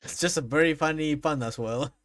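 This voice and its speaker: A man's voice: on the high side, fairly quick, fairly bright tone, no room sound, studio quality. A man streaming a game, chatting casually, reading lines and joking with laughs and swearing.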